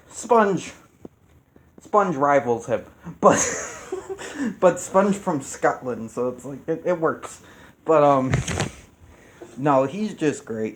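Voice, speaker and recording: Male reviewer, casual chat, profane and rambling, ordinary mid pitch. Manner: rambling, profane, restarts often. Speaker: YouTube reviewer.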